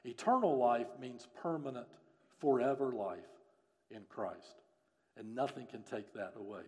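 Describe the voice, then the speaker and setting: A man preaching a sermon as a church pastor, earnest and pleading, who builds up to loud, emphatic peaks and then drops low again. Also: a little slow. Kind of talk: sermon and closing prayer.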